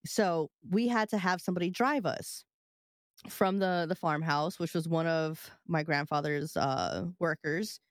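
A woman's voice: sits low, unhurried, dry recording, clean studio sound. A woman co-hosting a casual podcast, telling a personal story at length, full of filler "like"s. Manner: rambling, many filler "like"s. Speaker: podcast co-host. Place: live-streamed podcast studio.

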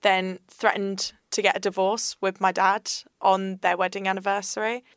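A woman's voice: mid-range voice, level tone, normal speed, smooth, no room sound, studio quality. A young woman, a podcast guest, telling her personal story in a candid, earnest way.

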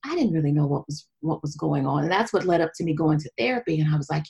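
A woman in her forties, a guest on a podcast, telling her personal story in an animated way and dropping to a whisper at times. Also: low voice, quick pace, creaky, few pauses, breathy edge. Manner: animated storyteller, drops to a whisper when voicing her inner thoughts.

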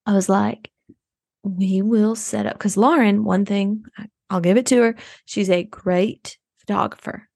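An actress playing a self-absorbed rich suburban adoptive mom in an improvised comedy podcast, rambling and oversharing. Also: female voice, medium pitch, steady tone, measured pace, gravelly, darkish tone, dry recording. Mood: rambling, chatty.

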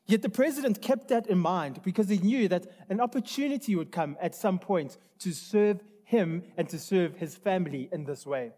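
High-voiced man preaching a sermon. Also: animated, normal speed, few pauses, warm tone. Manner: earnest, conversational, with restarts and asides. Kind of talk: sermon with opening prayer.

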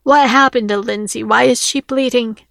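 A woman's voice: on the high side, fairly even intonation, moderate pace, gravelly, fairly bright tone, no room sound, clean studio sound. Woman reading as an anxious, insistent girl.

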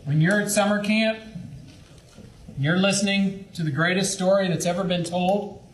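Young male youth leader, earnest and pleading, high voice, roomy echo. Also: fairly even intonation, moderate pace. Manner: earnest, pleading, with acted-out asides. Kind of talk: training talk to camp leaders. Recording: echoey room with faint background noise.

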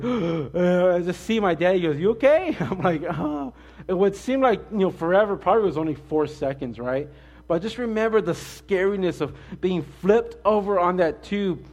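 A man preaching a sermon in a conversational way, mixing scripture with an animated personal story. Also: a little high. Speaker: pastor.

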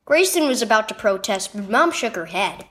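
Brief: a woman reading a scripted kids' devotional, fairly high voice with a very lively, storytelling delivery. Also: normal speed, slight background noise. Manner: expressive storytelling. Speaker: devotional narrator.

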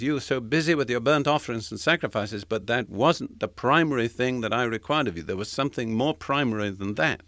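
A man preaching a sermon in a measured, emphatic way, slowing down to stress the scripture he quotes. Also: mid-range voice, a bit bright, dry recording.

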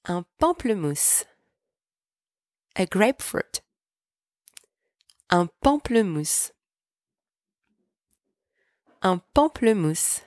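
A woman teaching a podcast French lesson, pronouncing each word slowly and clearly so listeners can repeat after her. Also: medium pitch, big pitch swings, darkish tone, no room sound, clean studio sound. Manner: clear, slow, deliberate pronunciation for repeating. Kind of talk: podcast language lesson with repetition drills.

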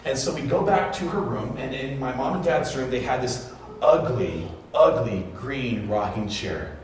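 A male pastor preaching, his voice ringing through a very reverberant church and picked up from some distance. He tells stories and lifts his voice into high, emphatic peaks, over a faint hum of room noise. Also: lively intonation, unhurried. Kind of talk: sermon. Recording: very echoey room, voice from afar.

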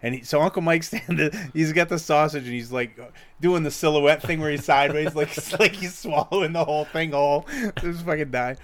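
A middle-aged man telling a long, profane story in casual chat, often mimicking others. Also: a little fast. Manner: animated, profane storyteller who mimics others in high voices.

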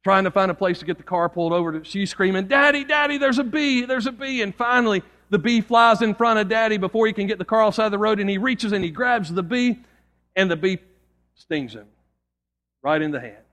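Earnest preacher with a high-ish voice. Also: male voice, brisk, fairly bright tone. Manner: storytelling, earnest, dropping low for emphasis. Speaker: pastor. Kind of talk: sermon.

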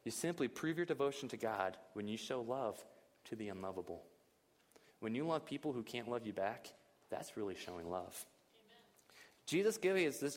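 A man preaching a lively, conversational sermon at a church service, full of rhetorical questions. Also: mid-range voice, in a large hall. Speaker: pastor.

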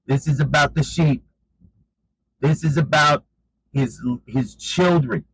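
A man's voice: on the high side, slow pace, a bit bright, breathy edge, rough recording. A man preaching an informal sermon in an emphatic, conversational way, often saying "you know".

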